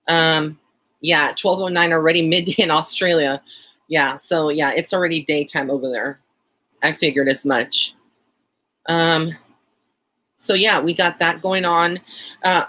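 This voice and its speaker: A man's voice: fairly high pitch, bright, forceful tone. A man with a Texan accent hosting a casual live-stream chat, rambling along with plenty of fillers and easy laughs. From Texas. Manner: chatty and rambling, frequent fillers and light laughter.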